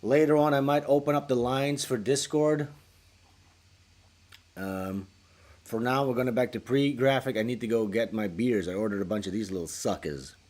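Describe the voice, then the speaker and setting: A man hosting a casual livestream, talking in a crude, rambling, joking way with sudden loud bursts into a small studio microphone. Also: medium pitch, moderate pace. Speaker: livestream host.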